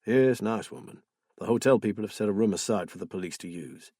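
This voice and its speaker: A man voicing a distraught male guardian of a missing girl, pleading and blaming himself, with a husky voice. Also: lowish voice, fairly quick, mellow, no room sound, clean studio sound. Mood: weary. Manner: anguished, self-blaming, pleading.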